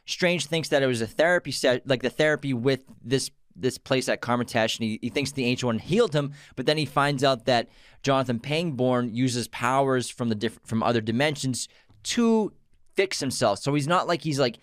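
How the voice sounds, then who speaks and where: A man's voice: mid-range voice, moderate pace, no echo, studio quality. A man hosting a casual movie podcast who talks eagerly and laughs easily. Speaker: podcast host.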